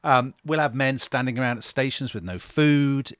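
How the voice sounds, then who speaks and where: A man tells history with real drama, co-hosting a podcast and throwing himself into the story. His pitch sits in the middle range for a man. The sound is dry and close. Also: moderate pace, dry recording. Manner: animated, dramatic retelling with quoted voices. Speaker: podcast co-host.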